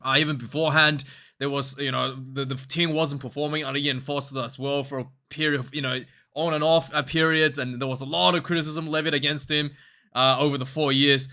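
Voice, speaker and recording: A man hosting a casual rugby match review vlog, talking in an animated, rambling way with frequent laughs. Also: medium pitch, a little fast.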